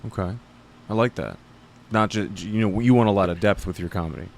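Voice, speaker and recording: A man's voice: fairly low pitch, brisk, gravelly, a little hiss or hum. A man from South Jersey hosting a podcast, interviewing his guest in a blunt, profane, laughing way. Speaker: podcast host.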